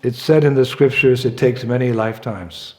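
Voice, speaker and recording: A man's voice: medium pitch, moderate pace, warm tone. A man giving a sermon at a temple, telling a story with humor and asides. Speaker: temple speaker.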